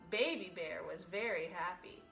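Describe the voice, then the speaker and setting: A woman teacher reading a picture book aloud with expressive, animated storytelling. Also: on the low side, normal speed, gravelly, reverberant, faint music behind, rough recording.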